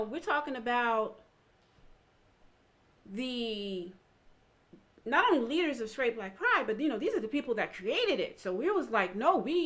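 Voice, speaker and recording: A woman speaking in a steady, earnest way in a conversation, often using the filler "you know". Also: on the high side. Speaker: guest, friend and counselor of the couple. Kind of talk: conversational interview.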